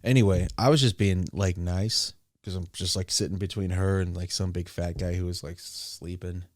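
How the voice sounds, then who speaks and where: A man's voice: low voice, fairly even intonation, moderate pace, dry recording. A man casually telling a long story, rambling with crude asides and laughs. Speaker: streamer.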